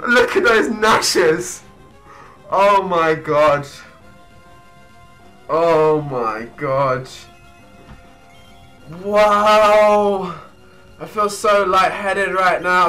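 A young man giving hyper, excitable gameplay commentary, often breaking into shrieks and laughter. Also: high-pitched, poor audio. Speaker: let's play gamer.

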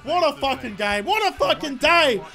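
High-voiced excitable young man gaming. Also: normal speed, gravelly. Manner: excitable, sweary, shouts at the players. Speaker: gaming YouTuber. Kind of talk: live gameplay commentary.

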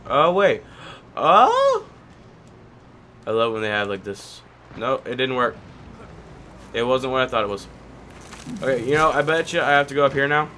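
A man's voice: medium pitch, sharp tone, a little hiss or hum. A man casually commenting on his own gameplay as a video host, rambling and talking to himself, with a cracky voice that breaks now and then. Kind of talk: casual let's-play commentary.

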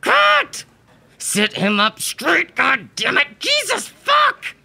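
A man's voice: very high voice, huge pitch swings, takes it slowly, gravelly, bright, forceful tone, raised voice, pitched above the performer's own voice, full character voice. A man voicing a violent, foul-mouthed producer over a hundred years old who screams threats in a shrieking, strained voice.

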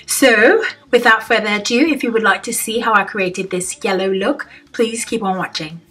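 A woman's voice: medium pitch, moderate pace, pushed and bright, husky. A young woman narrating a makeup tutorial voiceover in a put-on British accent, chatty with some ums and self-corrections.

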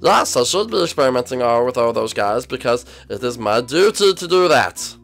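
A man plays an eccentric mad scientist in a game role-play, proud and self-assured about his experiments. He talks in a flat, matter-of-fact way close to an everyday voice. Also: medium pitch, moderate pace, gravelly, faint music behind.

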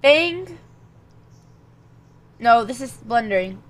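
Here a young woman with a slightly high voice streams chess at a moderate pace, reasoning aloud about her moves. Lines and calculations get muttered under her breath until she turns to her viewers with louder, animated chatter.

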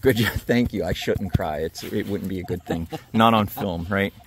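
A man's voice: deep voice, moderate pace, crowd noise. A man hosting a metal detecting vlog, narrating casually on the spot outdoors at a dig site and cheering on his friends in an upbeat way.

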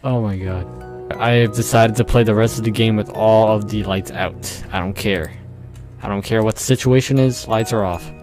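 A man's voice: on the low side, normal speed, darkish tone, soft background music. A young man playing a horror game, jumpy and nervous, swearing often and laughing at his own scares. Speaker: gamer.

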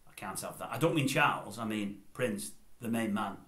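A man's voice: on the low side, normal speed, a bit bright. An older man giving his opinions in a casual vlog, rambling and going off on tangents. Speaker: YouTube commentator. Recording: roomy echoey room.

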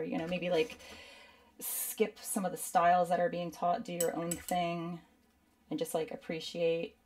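A woman's voice: fairly low pitch, gravelly, mellow, distant mic. A woman instructor chatting casually through a live painting demo, rambling and saying "like" a lot. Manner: chatty, rambling, uses lots of "like". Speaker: art instructor.

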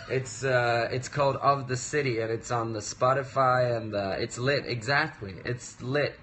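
A man's voice: medium pitch, fairly even intonation, normal speed, few pauses, a bit bright. A man in his thirties chatting casually on a livestream from his home work desk, rambling and interrupting himself in a playful way. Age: 30s. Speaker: musician livestreaming.

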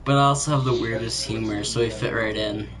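A man's voice: on the low side, fairly even intonation, brisk, far from the mic, over loud music, low-quality recording. A teenage boy streaming a shooter game, joking crudely with friends in casual chat. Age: teens. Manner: crude, joking, swears a lot. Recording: game audio and chatter behind.

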